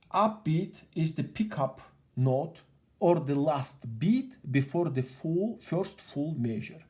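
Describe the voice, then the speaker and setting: Slow, patient piano teacher in an echoey room. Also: male voice, a little high, animated, darkish tone. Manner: patient, repetitive explaining with counting aloud. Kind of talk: piano lesson. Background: piano playing.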